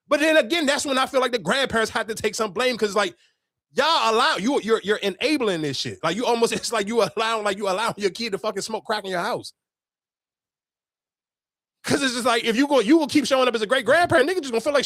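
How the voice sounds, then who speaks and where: A young adult man hosting a podcast, telling a story in animated, profane casual chat with sudden outbursts. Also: very high-pitched, fast, no room sound, clean studio sound. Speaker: podcast host.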